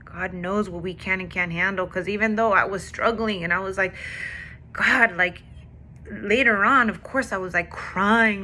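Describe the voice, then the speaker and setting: A woman's voice: mid-range voice, measured pace, pushed and bright, a little hiss or hum. A woman with a daughter telling a candid, emotional faith testimony in a personal vlog. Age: adult with a daughter. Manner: candid, confessional, emotional storytelling. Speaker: faith vlogger.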